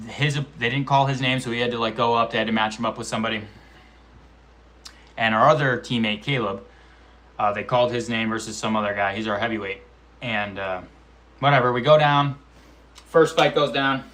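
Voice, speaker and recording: He's a vlogger and amateur MMA fighter in his twenties, with a mid-range, pushed, bright voice, moderate pace and frequent pauses. Swearing casually, he narrates his amateur fight and acts out what people said along with sound effects.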